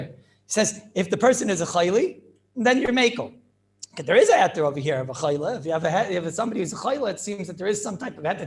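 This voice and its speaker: High gravelly rabbi teaching a class. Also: male voice. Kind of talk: informal Torah class. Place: classroom with students.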